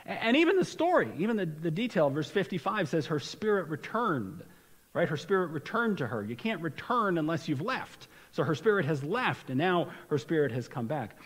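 A man's voice: on the high side, big pitch swings, normal speed, slightly rough, big-room sound, low-quality recording. A man preaching a sermon as pastor, talking conversationally with rhetorical questions and frequent restarts. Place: church sanctuary.

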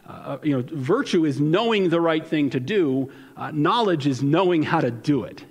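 Male pastor, earnest conversational sermon, slightly high voice, long reverb of a church sanctuary. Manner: earnest, conversational preaching with frequent restarts.

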